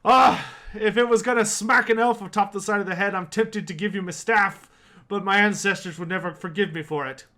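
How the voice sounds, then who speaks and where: A man doing a gruff old dwarf runesmith. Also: on the high side, animated, a little slow, bright, forceful tone, heavily acted. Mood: hearty. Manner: stern, hearty.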